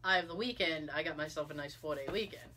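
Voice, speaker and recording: A middle-aged woman hosting a podcast, telling stories in an animated, casual way with frequent laughs. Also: low voice, quick pace, slight background noise. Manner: animated storyteller, exclaims and laughs often. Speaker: podcast host. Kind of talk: casual chat.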